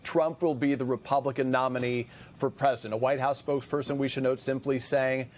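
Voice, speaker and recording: Measured male news correspondent. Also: medium pitch, fairly even intonation, a little hiss or hum. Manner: measured, slows to quote statements. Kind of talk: broadcast news report.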